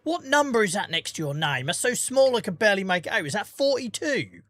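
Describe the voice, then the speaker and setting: A man in his forties, live streaming a farming game and chatting casually with his chat, joking, laughing often and greeting viewers by name on a boom-arm mic. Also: very animated, fairly quick, bright, forceful tone, no room sound, soft background music. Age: 40s. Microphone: boom-arm microphone.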